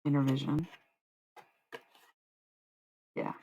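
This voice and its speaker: A woman's voice: rumbling low, huge pitch swings, drawn-out words, gravelly, warm tone, husky, low-quality recording. A woman live-streaming casual spiritual readings, rambling and swearing freely as she answers chat.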